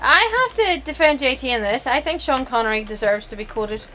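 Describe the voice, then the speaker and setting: Chatty woman on a game stream, high and bouncy voice. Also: animated, fairly quick, pushed and bright, a little hiss or hum. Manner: teasing, chatty. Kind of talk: casual chat on a game stream.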